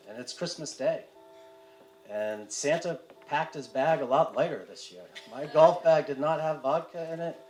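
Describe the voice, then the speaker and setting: A man's voice: medium pitch, darkish tone. Man sharing his recovery story in a roomy hall. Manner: halting, candid, with fillers and self-deprecating humor. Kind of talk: personal testimony to a live audience. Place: community event hall with audience. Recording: roomy hall with faint room noise.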